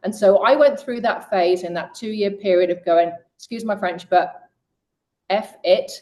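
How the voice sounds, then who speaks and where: Middle-aged woman, guest coach, animated storyteller, voices quotes higher, speaks directly to women. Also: a little slow. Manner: lively storyteller who voices quoted people with raised pitch; direct, addresses women listeners. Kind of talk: conversational storytelling interview.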